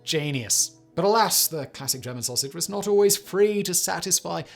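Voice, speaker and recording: A man's voice: high-pitched, animated, moderate pace, vocal fry, faint music behind. A man giving scripted narration for a list video, with wry, dry asides. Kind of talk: scripted narration with a read sponsor ad.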